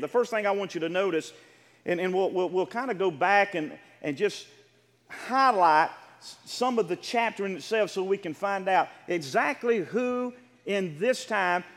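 Male preacher, sermon, high voice, loud emphatic build-ups, long echo of a big hall. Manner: rising to loud emphatic repetition; drops to quiet explaining asides. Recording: long reverb of a large hall.

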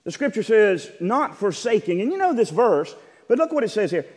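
A preacher with a high voice delivers his sermon in a reverberant church sanctuary. He reads verses in a measured way, then climbs into shouted, fervent exhortation. The long echo of the hall carries every line. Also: very animated. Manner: builds from measured reading to shouted fervor. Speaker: Baptist preacher.

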